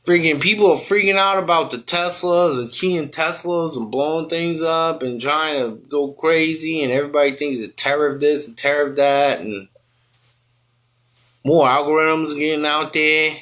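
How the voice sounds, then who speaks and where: A man telling a wild comedic tall tale in rambling, ungrammatical, excitable bursts. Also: on the high side, moderate pace. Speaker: comic storyteller. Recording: loud music behind. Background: loud music.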